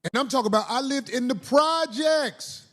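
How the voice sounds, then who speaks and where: A man's voice: very high voice, expressive, moderate pace, a bit bright. A middle-aged man who grew up in city housing projects, telling stories from his youth in an emphatic, streetwise way. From Chicago housing projects. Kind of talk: storytelling commentary.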